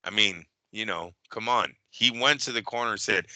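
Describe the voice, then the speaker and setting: A man co-hosting a casual boxing talk show, animated and profane, acting out fight-night scenes. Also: fairly low pitch, moderate pace, dry recording.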